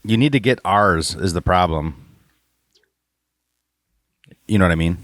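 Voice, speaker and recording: A low-pitched man chats loosely on a podcast, joking and restarting his sentences. His voice sits close to the mic and sounds dry, with no room echo around it. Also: expressive, a little slow. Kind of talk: casual podcast banter.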